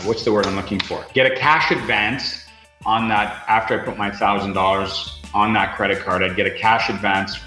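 Guy on a podcast, bright voice, kinda low, rambles with lots of ums, echoey room. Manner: rambling, with many fillers and restarts. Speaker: podcast guest, real estate investor. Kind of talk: casual interview talk.

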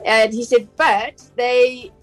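A woman's voice: a little high, fairly even intonation, slow pace, faint music behind, poor audio. A South African woman, a consumer journalist on a radio talk show, explaining things in a chatty way with frequent fillers and restarts.

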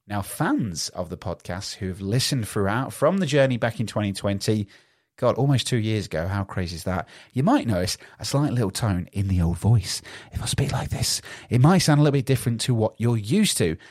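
A man's voice: on the low side, animated, fairly quick, darkish tone, no echo. A man hosting a solo podcast, talking upbeat and rambling into a studio podcast microphone. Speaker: podcast host.

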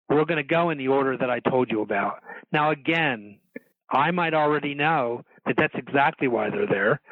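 A man's voice: a little high, no echo. A middle-aged man, a dentist, talking casually and earnestly to fellow dentists and acting out what he tells his patients. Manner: earnest, explains with examples, acts out lines to patients. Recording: tinny phone line, dry.

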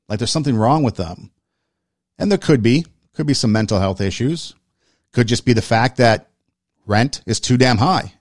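A man's voice: mid-range voice, no room sound, clean studio sound. A man telling a personal story in an earnest, conversational way, repeating phrases for emphasis as he reflects on kindness and respect.

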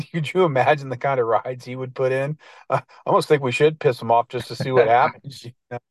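A man's voice: mid-range voice, fairly quick, dry recording. Laid-back man, slangy and rambling. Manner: laid-back and slangy, lots of fillers and restarts. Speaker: guest editor. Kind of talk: casual podcast chat.

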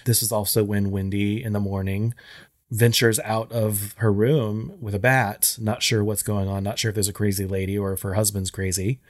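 A man co-hosting a podcast, recapping and analyzing a film's events in a casual, steady way. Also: fairly low pitch, normal speed, dry recording, studio quality. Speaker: podcast co-host. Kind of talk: casual film discussion.

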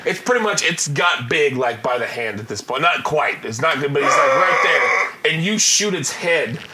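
A man narrating as game master in a casual, laughing way, with halting restarts. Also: a little high, animated. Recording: echoey room with loud noise.

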